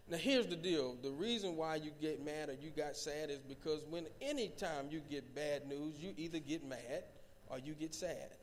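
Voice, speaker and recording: High-voiced preaching pastor in a reverberant hall. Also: male voice, slight background noise. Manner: call-and-response preaching, building in volume. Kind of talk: sermon. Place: church sanctuary.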